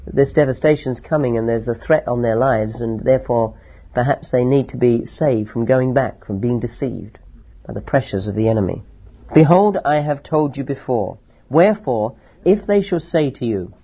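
Husky man teaching scripture, lo-fi recording. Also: medium pitch. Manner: reads scripture aloud slowly, then explains it with emphatic rises. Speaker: Bible teacher. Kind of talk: verse-by-verse Bible teaching. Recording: dull lo-fi recording.

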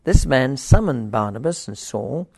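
An older man teaching a Bible passage informally, rambling with wry asides and reading the scripture aloud forcefully. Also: mid-range voice, animated, measured pace, creaky, breathy edge, no echo.

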